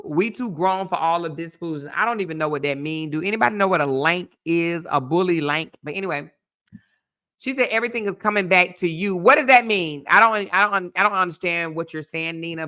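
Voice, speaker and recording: Sassy bright-voiced woman in her fifties. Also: fairly low pitch. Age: 50s. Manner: sassy, animated, calls listeners honey and baby. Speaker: blogger. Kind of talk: casual live chat reading comments.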